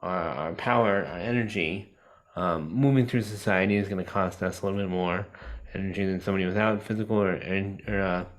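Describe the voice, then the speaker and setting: A man with a somewhat low voice teaches a class over a video call. His delivery is relaxed and conversational, full of fillers and restarts. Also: brisk. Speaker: disability advocate teaching a class. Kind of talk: casual online lecture.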